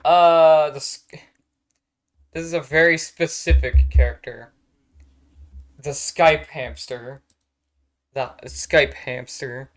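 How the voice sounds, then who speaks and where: A man's voice: on the high side, steady tone, takes it slowly, pauses often. A man streaming from home, chatting casually in a rambling, profane way and getting exasperated easily. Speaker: streamer ranking characters on a tier list. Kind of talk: casual live-stream chat.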